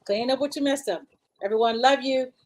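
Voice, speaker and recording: Woman host, casual and chatty with listeners, a touch high-pitched. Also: fairly quick. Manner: chatty, addresses listeners as y'all. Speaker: talk show host. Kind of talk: casual show hosting.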